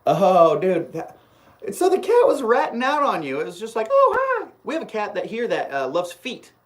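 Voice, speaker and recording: At a moderate pace and medium pitch, this streamer winds through a long personal anecdote, casual and full of false starts. The delivery is lively and meandering, broken up by viewer comments read out loud and replied to.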